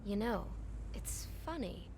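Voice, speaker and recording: A woman's voice: mid-range voice, animated, slow. An actress playing a nervous, secretive young woman working a hotel front desk in a video game, talking hesitantly and defensively. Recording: game audio over ambient noise.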